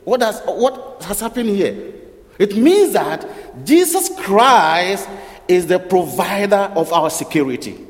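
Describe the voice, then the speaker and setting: A man preaching a sermon, firing rhetorical questions, repeating phrases and correcting himself as he goes. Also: high-pitched. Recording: long reverb of a large hall.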